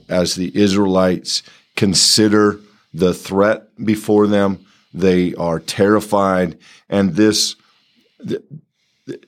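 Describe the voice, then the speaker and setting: This is a man with a very deep voice, commenting on a bible passage in a conversational way. He thinks aloud, pausing and restarting his sentences. His tone is reflective rather than performed. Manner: thoughtful, halting, restarts phrases. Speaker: bible study co-host.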